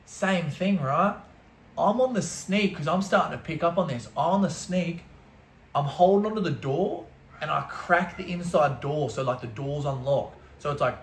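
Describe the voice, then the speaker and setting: A young man telling an animated, slangy story full of swearing, as a vlogger. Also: on the high side, echoey room, slight background noise. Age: young adult. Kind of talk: storytelling vlog.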